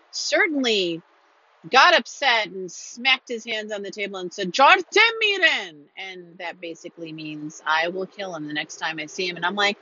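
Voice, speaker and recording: A woman's voice: mid-range voice, pushed and bright, slightly rough. A woman telling a personal story in an earnest, emphatic way, repeating phrases to drive her point home. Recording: dull lo-fi recording.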